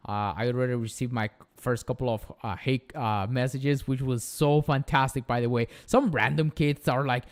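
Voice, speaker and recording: A man's voice: mid-range voice, fairly even intonation, moderate pace, few pauses. A young man with a Spanish accent, hosting a casual live stream and talking in an earnest, motivational way that repeats phrases for emphasis. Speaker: channel host.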